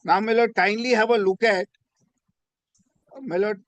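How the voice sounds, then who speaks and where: High-voiced advocate. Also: male voice, steady tone, a little slow, no room sound. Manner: deferential, peppers every phrase with "my lord". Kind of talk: formal courtroom argument. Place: courtroom.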